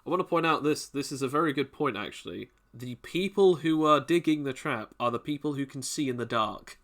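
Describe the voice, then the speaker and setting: Bright-voiced male game master, rambling. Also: mid-range voice, fairly quick. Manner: rambling, restarts while ruling. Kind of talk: running a tabletop game.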